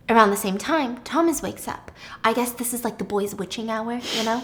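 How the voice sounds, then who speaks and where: A woman's voice: on the high side, a little fast. A young woman casually retelling a dramatic story with chatty asides to the listener. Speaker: storytelling YouTuber.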